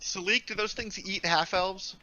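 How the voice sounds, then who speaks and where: A man's voice: high voice, moderate pace, sharp tone, highs cut off. A man playing a tabletop game, casual, wry and dismissive. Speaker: player.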